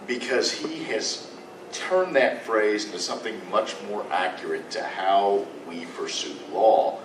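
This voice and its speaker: A man's voice: fairly low pitch, measured pace. A man, a lawyer, telling a story to a convention audience in a dry, matter-of-fact way. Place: convention panel room. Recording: echoey room from far off with noise.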